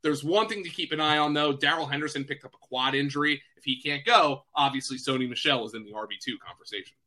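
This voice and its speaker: Bright, high-ish male sports analyst. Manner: quick, chatty, self-deprecating, many fillers and restarts. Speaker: fantasy football analyst. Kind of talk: casual sports podcast chat.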